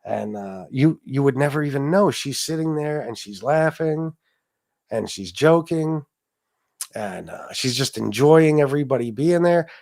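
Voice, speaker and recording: A man talks on his own live-stream show at a middle pitch. His delivery is casual and emotional. He rambles, restarts sentences, adds asides and swears now and then. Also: lively intonation, a little slow, creaky, darkish tone. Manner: profane. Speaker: political talk show host.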